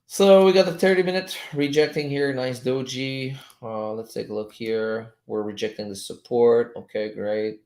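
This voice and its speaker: A man's voice: medium pitch, steady tone, normal speed, few pauses, darkish tone. A French-native man coaching viewers through a live trading stream, loose and chatty, swearing now and then and chuckling as he talks. His voice sits in a middle register and bounces around a room with plenty of echo. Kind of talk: casual live-stream chat while reading charts. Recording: roomy echo.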